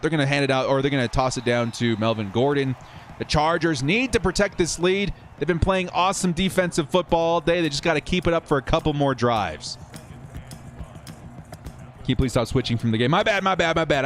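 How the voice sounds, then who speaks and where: Upbeat, higher-voiced male game streamer. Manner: chatty, upbeat, laughs often, repeats words. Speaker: streamer and host of a football simulation channel. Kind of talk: live stream game commentary with chat replies.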